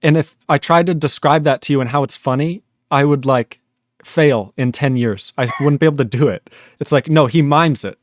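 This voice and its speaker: A man's voice: on the high side, normal speed, no room sound, studio quality. A man with a Northern US accent, a guest rambling animatedly with many fillers in a casual livestream chat.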